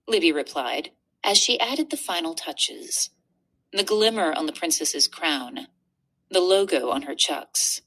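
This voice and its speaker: A woman narrating a children's book aloud. Her reading is expressive and animated, with a lively, wide-ranging pitch. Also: a little slow. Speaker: reader. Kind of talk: storybook narration.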